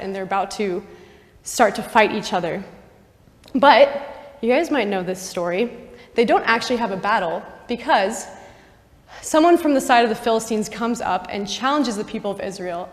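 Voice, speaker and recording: A young woman, a campus missionary, giving a casual Bible teaching talk full of "like" and asides to her listeners, in a university chapel. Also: mid-range voice. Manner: chatty, full of "like" and asides to the audience. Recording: long chapel reverb.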